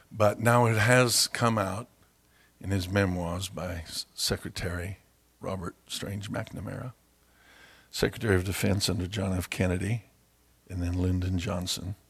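A man preaching a sermon, telling stories and acting out quoted voices with loud, high outbursts. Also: creaky, breathy edge. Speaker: pastor.

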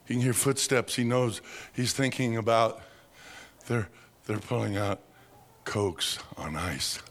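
Slow, gravelly preacher telling a story. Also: male voice, mid-range voice. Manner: slow, dramatic storyteller with sound effects. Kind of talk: storytelling sermon.

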